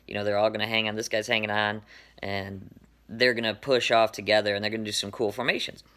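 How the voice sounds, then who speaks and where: A man telling a personal story in a casual, animated way, laughing often and quoting himself. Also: fairly low pitch, fast talker.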